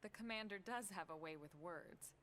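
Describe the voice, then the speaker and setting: A woman's voice: lowish voice, a little hiss or hum, lightly acted. An actress playing a composed, dry-humored female soldier in a video game. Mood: calm. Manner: calm, measured, dry.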